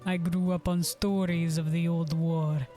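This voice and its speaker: A gruff old soldier turned cook, his voice dropped low and his words slow and weighty, as a woman puts him on. He lectures with stern distrust, over faint music in a game. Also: little pitch movement, mellow, close to an everyday voice.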